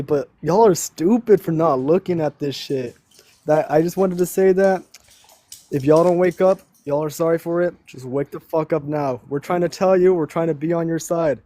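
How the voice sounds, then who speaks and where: A young man calling in with an earnest, slangy rant full of swearing. His voice is a little high for a man, with a dark, mellow tone. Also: dry recording. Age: young adult. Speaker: caller. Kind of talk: casual call-in rant.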